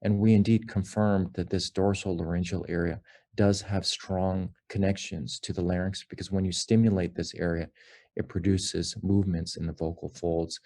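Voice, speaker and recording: A man presenting research findings in a measured academic lecture, explaining slides with frequent pauses and fillers. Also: sits low, flat delivery, dark tone.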